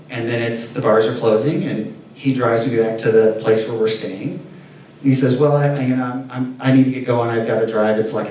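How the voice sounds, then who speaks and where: Heard from a distant mic in an echoey room with slight background noise, this medium-pitched man from Indiana, USA, is a casual interview guest. He tells candid, animated stories and performs the quotes as he goes.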